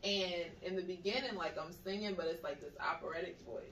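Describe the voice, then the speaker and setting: A woman in casual chat, telling dream stories in a slangy, animated way and acting out the voices she quotes. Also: fairly low pitch, brisk, a little hiss or hum. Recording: echoey room, mic at a distance.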